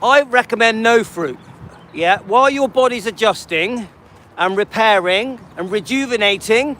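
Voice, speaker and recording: A man's voice: high-pitched, unhurried, bright, forceful tone, slight background noise. A man hosting a live stream, casually answering viewers by name and often checking in with "yeah?" and "okay?". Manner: frequent restarts and repetition. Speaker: livestream host.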